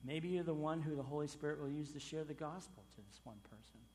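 A man preaching a sermon as pastor, emphatic, with loud stressed phrases and sudden quiet drops. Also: a little high, fast, big-room sound, a little hiss or hum.

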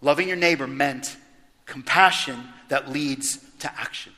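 A man preaching a sermon as pastor, animated and emphatic, throwing rhetorical questions at his congregation. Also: medium pitch, a little slow, in a large hall.

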